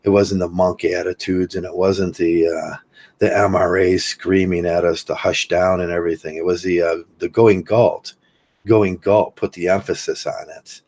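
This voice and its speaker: An older man hosting a livestream, talking casually in a rambling, halting way with many fillers while he reads chat comments. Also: low voice, flat delivery, darkish tone. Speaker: livestream host.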